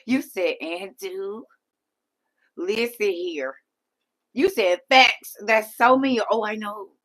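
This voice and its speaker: A woman's voice: mid-range voice, slow pace. A middle-aged woman hosting a livestream, reading and answering chat comments with lots of laughter. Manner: animated, laughing often, talks back to chat. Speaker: livestream host.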